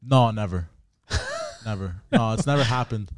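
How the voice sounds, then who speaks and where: A man's voice: medium pitch, wildly swooping pitch, a little slow, no room sound, clean studio sound. A man in casual chat, explaining at length with hesitations and restarts. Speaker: guest, former car salesman.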